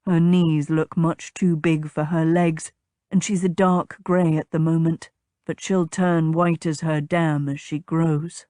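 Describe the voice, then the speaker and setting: A woman voicing a gentle, soft-spoken young gentleman who murmurs in a low voice, in an audiobook. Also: flat delivery, unhurried, no room sound, clean studio sound. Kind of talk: audiobook character voice.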